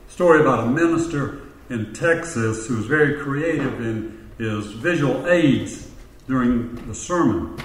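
A man's voice: mid-range voice, echoey room, far from the mic, slight background noise, low-quality recording. A man preaching a sermon, telling a story and repeating phrases for emphasis. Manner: storytelling, rhetorical repetition. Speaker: pastor.

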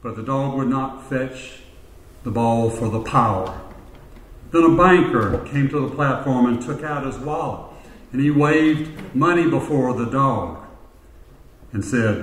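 A man's voice: medium pitch, unhurried. Male pastor, storytelling sermon voice, rhetorical repetition, heard from a distance in a roomy church.

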